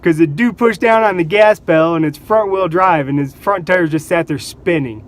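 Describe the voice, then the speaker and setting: A man vlogging, telling casual stories in an animated way, laughing between anecdotes and acting out what people said. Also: on the high side, normal speed. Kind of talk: casual storytelling.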